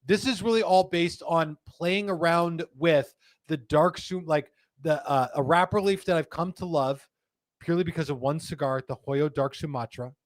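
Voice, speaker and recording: Man, live stream host, chatty, rambling, fairly high pitch, dry close sound. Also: normal speed, no room sound.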